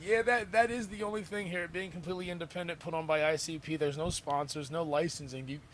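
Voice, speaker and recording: Male host, slightly high voice, quick jokey reactions, faint background noise. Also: steady tone, fairly bright tone. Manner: quick joking reactions, laughs easily. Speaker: festival interview host. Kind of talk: casual interview chat. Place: outdoor festival grounds.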